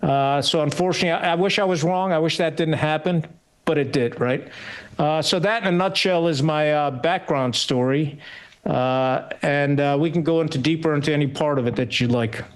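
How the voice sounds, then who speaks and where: A man in his sixties, a retired officer, telling his story as a podcast guest in a blunt, salty way, with frequent pauses and fillers. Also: fairly high pitch, clear, resonant tone. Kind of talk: candid storytelling interview.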